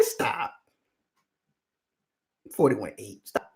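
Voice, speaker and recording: A man's voice: on the high side, very animated, normal speed. A man hosting a football fan channel, chatting casually on a live stream and teasing fans in the chat. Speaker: sports channel host.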